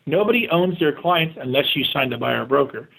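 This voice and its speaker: A man with a notably high-pitched voice talks as an interview guest, full of drive and motivational punch. He rattles off his points in quick bursts and slips into voices for the people he quotes. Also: lively intonation, creaky, fairly bright tone, husky, poor audio. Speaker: real estate agent and guest. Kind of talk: casual interview talk.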